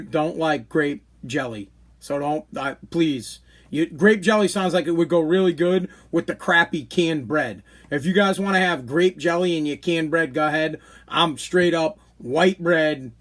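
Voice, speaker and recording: Blunt, high-voiced guy ranting. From Boston, New England. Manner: opinionated, joking, blunt. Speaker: podcast host. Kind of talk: casual live-stream rant.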